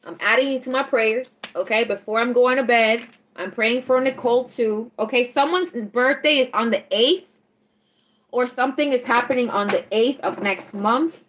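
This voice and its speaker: A woman, chatting casually on a tarot livestream, teasing and animated, laughing often as she reads out chat. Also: on the high side, normal speed.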